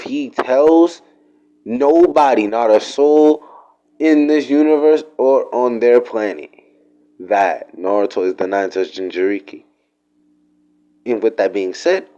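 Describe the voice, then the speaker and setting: Rambling, slangy man, low mellow voice. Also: dull audio. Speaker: storyteller. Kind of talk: casual fan-fiction storytelling.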